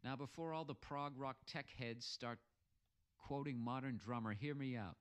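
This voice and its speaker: Reading listener messages aloud, this man from the United States rants sarcastically and swears heavily on his podcast. His mid-range voice is smooth, at a moderate pace.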